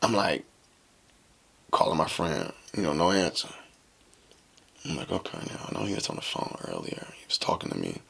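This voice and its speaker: A man with a gravelly, fairly low voice tells a story on his podcast. His pitch swings widely as he acts out the other people's lines in a slangy, casual way. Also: normal speed, long pauses. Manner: animated, slangy, acts out dialogue. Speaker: podcast host.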